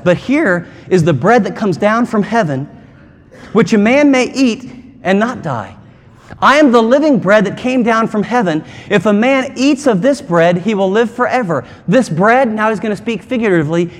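A man preaching a sermon as pastor, emphatic and conversational, with dramatic asides. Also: high voice. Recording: long hall reverb.

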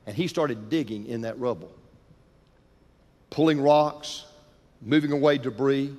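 A man preaching a sermon, telling a story dramatically, building intensity and dropping to hushed tones, in a church. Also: mid-range voice, unhurried. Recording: long hall reverb.

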